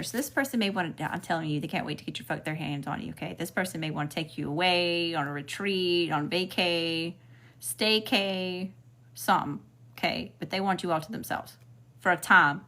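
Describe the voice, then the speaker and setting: A woman's voice: fairly low pitch, fairly bright tone. A woman with a Southern US accent giving a casual spiritual reading as a tarot reader, talking frankly and swearing freely with chatty asides.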